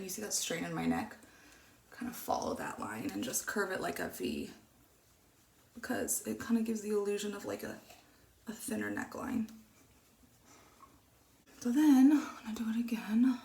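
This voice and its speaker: A woman chatting casually through a makeup tutorial, rambling and dropping into soft muttered asides. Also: medium pitch, creaky, a little hiss or hum. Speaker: beauty vlogger. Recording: echoey room.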